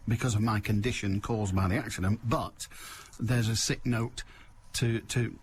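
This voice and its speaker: A man's voice: lowish voice, fairly even intonation, moderate pace, slight background noise. A man hosting a radio phone-in, blunt and wry, pushing callers along. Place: radio studio.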